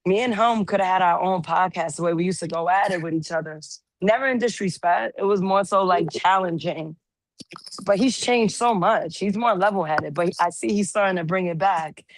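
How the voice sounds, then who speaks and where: A slightly hoarse woman chatting casually as a call-in panelist, teasing playfully as she tells stories. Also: lowish voice, moderate pace, no room sound. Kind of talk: casual chat.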